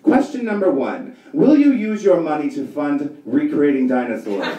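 A man's voice: mid-range voice, lively intonation, normal speed, hardly any pauses, crowd noise. A man in his thirties doing a stand-up comedy set, ranting in an exasperated, profane way. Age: 30s. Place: comedy club stage before a live audience. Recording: echoey room, distant mic, loud audience laughter.

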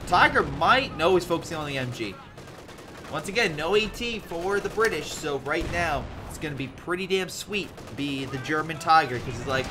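A man giving chatty, animated play-by-play commentary on a strategy game replay, with lively asides to his viewers. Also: fairly high pitch, moderate pace, music in the background. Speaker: video game replay caster.

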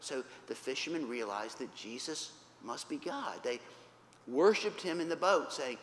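At a measured pace, a man with a mid-range, expressive voice tells a Bible story to kids, acting it out with animation. He repeats each point simply and checks in with "okay?" and "right?". The recording has a reverberant church-hall sound and faint background noise.

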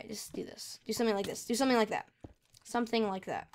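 A woman's voice: on the high side, fairly even intonation, fast. A woman casually commenting while she plays a video game, rambling and getting frustrated with lag. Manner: rambling, easily frustrated, talks to herself. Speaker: gamer.

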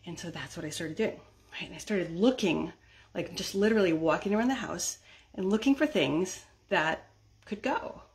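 A middle-aged woman vlogs about decluttering in a lowish, expressive voice at normal speed. Chatty and quick to laugh between lines, she regularly checks in with viewers by saying "right?" and "okay?"

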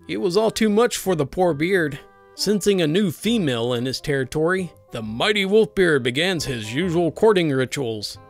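A woman narrating her own story in a wry, mock-epic, dramatic telling. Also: low-pitched.

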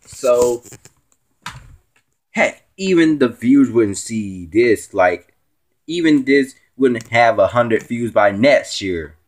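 A man covering as host of a casual vlog rants slowly to his viewers, rambling and teasing. His intonation is lively, with a swooping pitch.

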